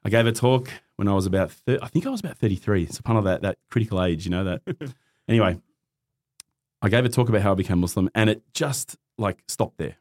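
A man's voice: lowish voice, fast talker. A middle-aged man with an Australian accent, telling a personal story in casual chat as a podcast guest, acting out the voices in it. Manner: animated, acts out quoted voices, laughs often.

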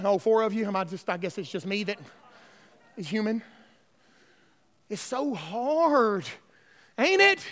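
Guy preaching, really high bright voice, big echoey church hall. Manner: emphatic, call-and-response preaching with repetition. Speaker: pastor. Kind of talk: sermon. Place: church sanctuary.

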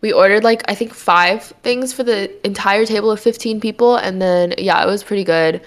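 A woman's voice: mid-range voice, moderate pace. A woman in her twenties, a podcast co-host, telling rambling stories in casual chat with lots of filler words.

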